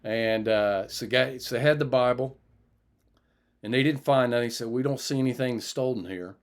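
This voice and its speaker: A man telling a personal testimony as a preacher, lively in his retelling and sinking low and quiet when he recalls praying. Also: normal speed. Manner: animated retelling, raises his voice for others and drops low and quiet for prayer.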